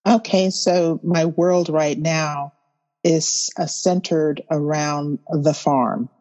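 A woman guest on a podcast, speaking in a measured, thoughtful way and listing things out slowly. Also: low voice, fairly even intonation, mellow, muffled recording. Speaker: guest, farmer and author. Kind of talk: podcast interview. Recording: roomy with long reverb.

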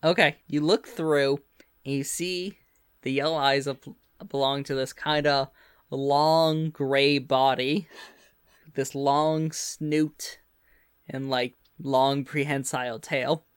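A man narrating a tabletop role-playing game as game master, in a casual, relaxed way with fillers. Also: medium pitch, takes it slowly, smooth, dry recording, studio quality.

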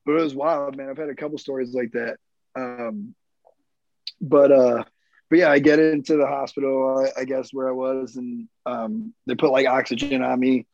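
A man's voice: medium pitch, little pitch movement, normal speed, creaky, darkish tone, dry recording. A man in his thirties, a military veteran, telling his own story in a rambling, profane, casual way with plenty of fillers. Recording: dull lo-fi dry recording.

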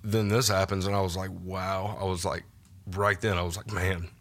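A man telling a personal faith story as a podcast guest, casual and halting, with many fillers and restarts. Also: deep voice, fairly even intonation, a bit bright. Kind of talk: personal testimony in a podcast interview. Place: podcast studio.

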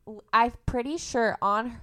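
A young woman from Indiana, a podcast guest in casual conversation, telling lively stories about her family and laughing often. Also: fairly high pitch, measured pace. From Indiana, USA. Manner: animated storyteller, laughs often. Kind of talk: casual interview chat.

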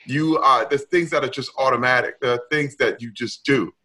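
A middle-aged man talking candidly in a conversation, emphatic and expressive, moving between loud and soft. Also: mid-range voice, normal speed. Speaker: guest.

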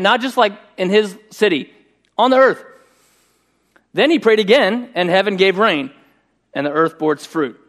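A middle-aged man preaching a sermon, telling a personal story in a conversational, animated way. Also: high voice. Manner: conversational and animated, voicing quoted speech. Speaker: pastor.

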